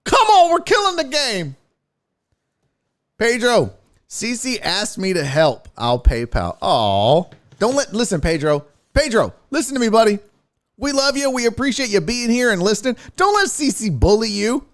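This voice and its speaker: A man's voice: sits high, very animated, moderate pace. A man hosting a sports livestream in casual chat, joking around with playful, crude banter while reading viewer donations. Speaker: sports show host.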